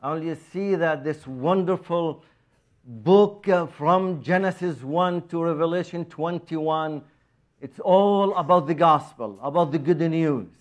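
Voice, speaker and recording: Guy preaching slow, lots of uhs, kinda high voice, a bit non-native wording. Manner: slow, halting delivery with many fillers. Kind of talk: sermon.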